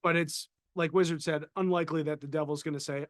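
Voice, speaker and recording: A man's voice: fairly high pitch, fairly even intonation, quick pace, dry recording, studio quality. A man co-hosting a casual podcast, chatting easily and reading out viewer questions. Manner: conversational, reads out viewer questions. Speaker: co-host, paranormal consultant.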